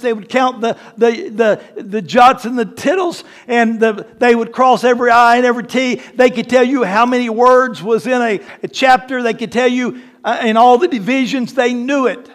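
Casting note: male lead pastor mid-sermon, high-pitched, conversational asides building to emphatic, drawn-out declarations. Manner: emphatic preaching, slows and rises on key words.

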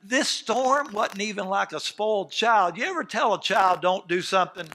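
High bright-voiced preacher. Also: male voice, animated, moderate pace. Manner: swings from soft asides to shouted outbursts; acts out quoted dialogue in scenes. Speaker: pastor. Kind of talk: sermon.

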